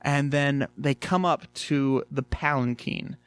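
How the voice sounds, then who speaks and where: A man casually reviewing a cartoon episode, chatty and animated, swearing freely and filling gaps with "like" and "um". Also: medium pitch, takes it slowly, smooth, no echo. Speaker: video reviewer.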